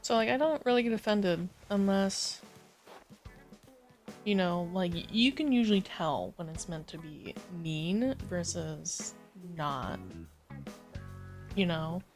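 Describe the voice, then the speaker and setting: A woman hosts a livestream in an easygoing, rambling chat while she plays. Her morning voice sits lower than usual. She talks slowly into a desk mic, with soft game music playing underneath. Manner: easygoing, rambling, many fillers. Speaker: livestream gamer host.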